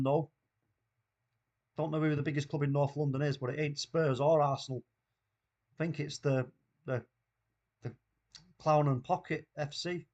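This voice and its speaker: A man with a Mancunian accent hosting a live football watchalong, reacting loudly and excitedly to the play. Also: fairly high pitch. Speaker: watchalong host.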